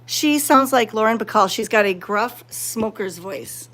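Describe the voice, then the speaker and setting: A woman live-streaming from a cat sanctuary, chatting casually with viewers and cooing softly at the cats. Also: on the high side, measured pace, pauses often. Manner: soft-spoken, cooing baby talk to cats. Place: indoor cat room at a sanctuary.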